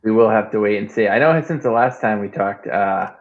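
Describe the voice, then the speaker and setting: A man's voice: on the low side, fairly quick. A man hosting a casual sports chat, easygoing and hesitant, often trailing off. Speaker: show host. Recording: dull lo-fi audio.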